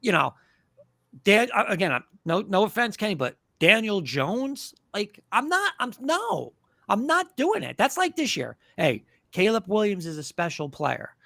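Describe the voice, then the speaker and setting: A man's voice: sits high, sing-song, unhurried, vocal fry, bright, forceful tone, no room sound, studio quality. A man hosting a live sports talk show, ranting emphatically about his team and mocking fans' opinions.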